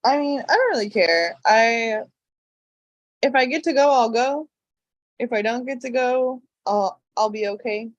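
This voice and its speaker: A woman's voice: on the high side, a little slow, no echo, lo-fi sound. A young woman, a game contestant, talking in a hesitant confessional with many fillers. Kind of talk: casual confessional interview.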